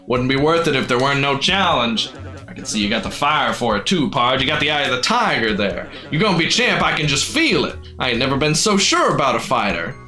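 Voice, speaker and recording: A man's voice: medium pitch, fairly bright tone, full character voice. A man voicing a boisterous, folksy old male fighting-club boss in a game, with a drawling country twang.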